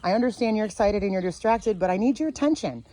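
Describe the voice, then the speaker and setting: A woman dog trainer teaching outdoors, calm and sure as she explains leash handling. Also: medium pitch, quick pace. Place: outdoors near a fenced dog area.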